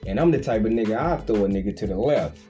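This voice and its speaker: Animated man telling stories with slang. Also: fast talker, over music. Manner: animated storyteller, acts out quoted voices with big pitch jumps, laughs often, slangy. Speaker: podcast co-host telling his prison story. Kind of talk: casual storytelling chat.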